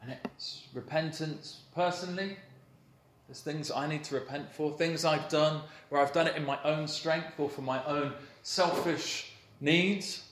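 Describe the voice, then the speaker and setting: A man in his thirties, a pastor, giving a sermon in a church hall with a warm, playful storytelling manner and light laughter. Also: on the high side, a little slow, slight background noise. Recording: roomy hall echo, faint ambience.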